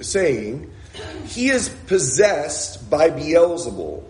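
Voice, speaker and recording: Echoey conversational male preacher. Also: a little high. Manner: conversational, with frequent "uh" and self-corrections. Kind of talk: sermon with Scripture reading. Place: church meeting room.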